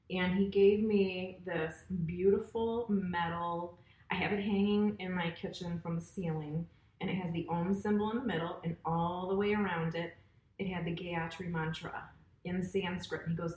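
A woman's voice: fairly low pitch, fairly even intonation, normal speed, a little mellow. Chatty woman telling stories, echoey room. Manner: storytelling, chatty with laughs. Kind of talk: casual chat.

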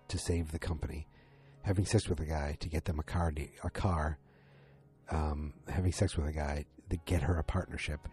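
A man with a deep, dark-toned voice casually recaps a TV episode. He rambles, using many fillers and restarts, and acts out the characters' lines.

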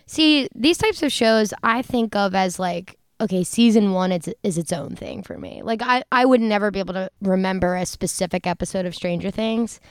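A woman's voice: medium pitch, moderate pace, hardly any pauses, clear, resonant tone, dry recording. A woman co-hosting a podcast in casual chat, playful and teasing, laughing often on a close mic. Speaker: podcast co-host.

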